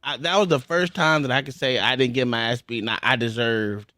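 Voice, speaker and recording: A man's voice: medium pitch, fairly even intonation, a little fast, pushed and bright, no echo, clean studio sound. A man co-hosting a casual podcast, telling stories from his youth with laughs and restarts. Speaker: podcast co-host. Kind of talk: casual chat.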